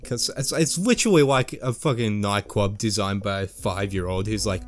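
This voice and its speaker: A man's voice: lowish voice, normal speed, hardly any pauses, faint music behind. A man commentating his playthrough of a game, joking, swearing and doing silly voices. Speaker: gaming channel host. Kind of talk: let's play commentary.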